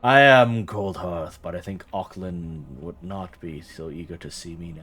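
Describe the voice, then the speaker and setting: An undead dwarf lich offering a deal, read aloud by a man. The voice stays low and close to ordinary speech, more read than performed. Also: measured pace, fairly bright tone. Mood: calm. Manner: reading game dialogue aloud, plain.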